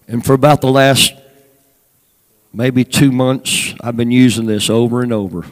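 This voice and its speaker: An older man preaching a sermon, moving between hushed storytelling and loud exhortation. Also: medium pitch, fairly even intonation, unhurried. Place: large church sanctuary. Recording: long hall reverb with soft music behind.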